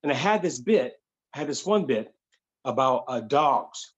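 A man spins a comic story in a stand-up storytelling style, slipping into voices as he acts out the people in it. His voice is husky and a little breathy. The recording sounds somewhat dull and muffled. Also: medium pitch, expressive, a little slow. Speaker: stand-up comedian.

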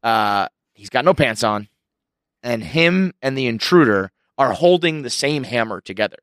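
A man's voice: mid-range voice, animated, normal speed, fairly bright tone, no room sound, studio quality. A young man telling a rambling story in casual podcast chat, swearing and laughing as he goes. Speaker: podcast co-host.

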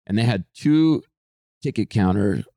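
A young man co-hosting a podcast, telling a story in casual chat, animated and swearing, acting out people who shout. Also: fairly low pitch, unhurried, vocal fry, dry recording, studio quality. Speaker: podcast co-host.

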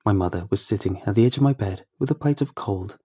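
A man giving scripted first-person horror narration in a measured, ominous manner. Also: fairly low pitch, animated, warm tone, breathy edge.

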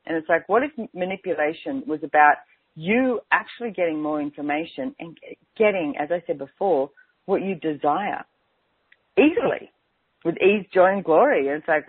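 A woman's voice: lowish voice, breathy edge, no echo. A woman hosts a radio talk show in an easy, rambling way, looping back to "and it's like" again and again. Her voice comes through narrow and tinny, as if over a phone line, and it sounds close and dry with no room around it. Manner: chatty, keeps saying "and it's like". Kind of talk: casual on-air talk.

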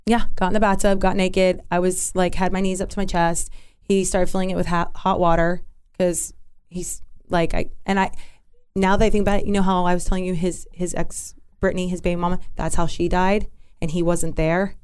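A woman telling a personal story in an interview, candid and halting, with restarts and asides. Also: lowish voice, level tone, darkish tone, clean tone. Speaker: interview guest.

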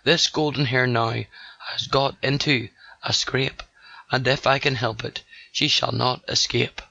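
A man's voice: medium pitch, fairly even intonation, a little slow, sharp tone, muffled recording, heavily acted. A man voicing a big, savage father bear in a storybook reading, close to his own voice. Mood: gruff. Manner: gruff and commanding.

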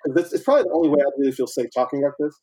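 An earnest man speaks as a podcast guest, his voice dark and mellow with a husky edge. He talks in an animated, conversational way and laughs often. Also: on the high side, racing, rough recording. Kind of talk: casual conversation.

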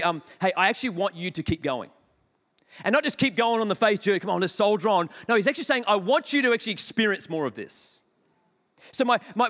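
A man preaching in a church hall, his slightly high voice carrying a long reverb. He tells a story in an animated, joking way and laughs at himself. Sudden loud bursts break into the calmer stretches. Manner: animated, jokey, self-deprecating, with bursts of loudness. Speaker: pastor. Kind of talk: sermon with storytelling.

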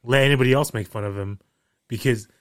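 A man's voice: medium pitch, fast, fairly bright tone. A man co-hosting a podcast, blunt and profane, stumbling over his words. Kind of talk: casual chat.

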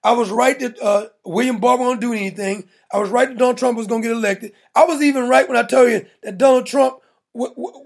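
A man's voice: very high voice, creaky, slightly rough. A man hosting a political talk show, ranting in an emphatic, mocking, blunt way. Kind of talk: opinionated political rant.

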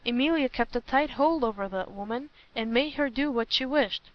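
A woman reading the part of a jealous, scheming young woman who turns spiteful and shrill, in a storybook reading. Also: normal speed, muffled recording, close to an everyday voice. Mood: cold. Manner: spiteful, flares into shrill fury.

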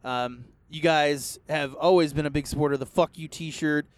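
A man with a high voice rants through a casual podcast recorded inside a car. He swears in nearly every line and keeps flaring into loud outbursts. The sound is dry and close, with no room echo. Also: fairly even intonation, normal speed. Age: adult, past a first marriage. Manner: crude, swears constantly, bursts into yelling. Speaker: podcast host. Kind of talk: profane casual rant.

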